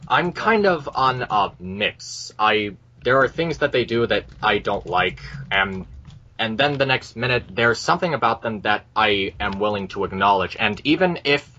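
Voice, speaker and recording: Man, hesitant, bright, muffled call line. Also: on the low side, animated, normal speed, slight background noise. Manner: hesitant, many ums. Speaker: video reviewer. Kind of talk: casual group call chat.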